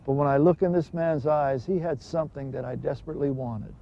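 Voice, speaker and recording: A man's voice: fairly high pitch, fairly quick, creaky. A man giving an earnest, emphatic personal testimony. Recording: dull lo-fi recording with faint hiss.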